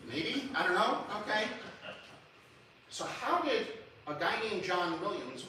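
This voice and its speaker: A man's voice: sits high, a little slow, slight background noise. A man giving a public lecture with lots of restarts, humming and singing short examples as he goes. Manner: animated, many restarts, sings and hums examples. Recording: echoey hall recorded from far.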